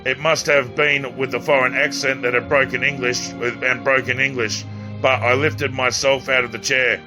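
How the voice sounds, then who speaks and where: A man reading his own novel aloud as an amateur audiobook, stumbling and restarting lines now and then. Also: medium pitch. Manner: halting reading with restarts and slips.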